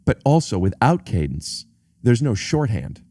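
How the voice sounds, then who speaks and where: Animated man musing on a podcast. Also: mid-range voice, unhurried, dry recording, studio quality. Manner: animated, musing, self-interrupting. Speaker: podcast host. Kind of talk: casual chat. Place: indoor home setting.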